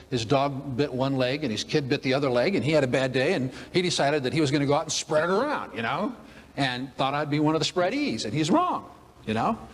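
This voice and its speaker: Here a motivational speaker with a medium-pitched, breathy voice entertains a crowd with folksy tales. Joking throughout, he performs the characters himself, and the room adds long hall reverb and faint ambience.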